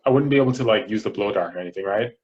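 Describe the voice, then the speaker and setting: A man with a Jamaican accent playing a tabletop game, hesitant and stuttering with excitement. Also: on the low side, very fast, highs cut off. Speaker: player.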